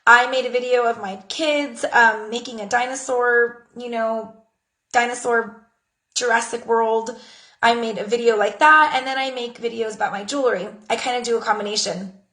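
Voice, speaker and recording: A woman's voice: steady tone, normal speed. A woman in her thirties giving casual social media tips for her jewelry business, chatty and acting out little conversations. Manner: chatty, acts out conversations in a high bright voice. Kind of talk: casual talk to camera. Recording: echoey room.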